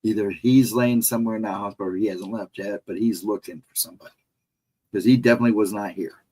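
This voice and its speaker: A man telling a hospital ghost story in a rambling, animated way, laughing often and acting out other people's lines. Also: lowish voice, quick pace, slightly rough. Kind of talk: casual storytelling.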